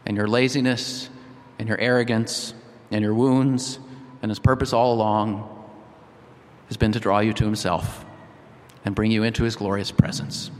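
A male pastor reads a story aloud and then turns to earnest, rhythmic appeals to his listeners. His voice sits at an ordinary pitch for a man. A long reverb trails after every phrase, as in a large hall. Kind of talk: sermon with story reading.

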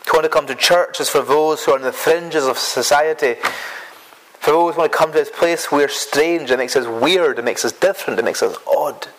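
A man's voice: fairly high pitch, brisk, fairly bright tone, poor audio. Earnest male preacher mid-sermon. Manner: earnest, repetitive, stumbles on words.

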